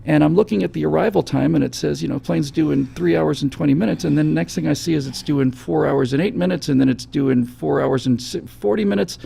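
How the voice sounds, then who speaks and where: A man hosting a casual chat, telling a travel story in an animated way that acts out the scenes. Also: fairly high pitch, quick pace, gravelly, hardly any pauses, a little hiss or hum. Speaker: host.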